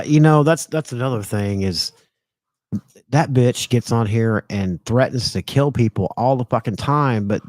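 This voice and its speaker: A man's voice: lowish voice, a little mellow, no echo. A man hosting a casual commentary stream, laughing often and mocking people with lots of swearing. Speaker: streamer host.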